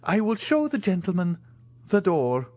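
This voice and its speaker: A timid, eager old Italian ex-major, as an audiobook narrator puts him on, his voice pitched high and quavering, leaping up and down. The storybook reading is dry and close. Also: big pitch swings, a little slow, a little mellow, no room sound, heavily acted.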